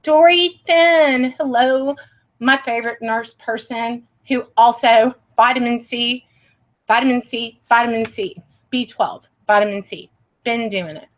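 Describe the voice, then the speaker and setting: A woman's voice: on the high side, unhurried. A woman hosting a paranormal livestream from her home setup, chatty and easily sidetracked as she reads names from the chat.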